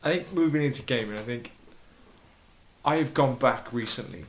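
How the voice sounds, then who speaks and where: A man with a southern English accent, co-hosting a podcast with excitable, sweary banter. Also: mid-range voice, moderate pace, a little hiss or hum. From Hemel Hempstead, southern England. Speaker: podcast co-host. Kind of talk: casual chat.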